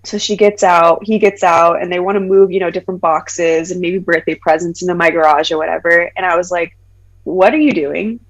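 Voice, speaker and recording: Animated woman in her thirties telling a story. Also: on the low side, fairly quick, few pauses, rough recording. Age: 30s. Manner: animated, acts out quoted voices, frequent "like" fillers. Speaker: podcast guest. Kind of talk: personal storytelling in conversation.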